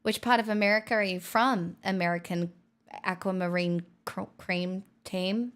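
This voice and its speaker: A woman's voice: mid-range voice, steady tone, normal speed, a bit bright. A young adult woman streaming, reading chat aloud in a playful, teasing casual chat.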